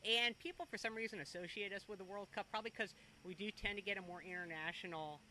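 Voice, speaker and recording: A middle-aged woman who owns a cafe, chatting quickly in an interview and laughing between her stories. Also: mid-range voice, steady tone, pushed and bright, slight background noise, low-quality recording. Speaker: restaurant owner. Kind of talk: casual interview.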